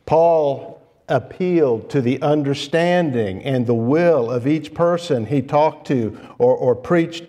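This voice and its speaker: Guy preaching a sermon in church, real slow and measured, mid-pitched voice, pauses a lot. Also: mellow. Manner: measured, unhurried expository preaching with pauses and restarts.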